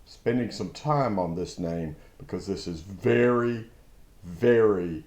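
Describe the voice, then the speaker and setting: A man giving a reflective devotional Bible teaching, slow and thoughtful with sudden emphatic bursts. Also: sits low, a little mellow, echoey room. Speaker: preacher.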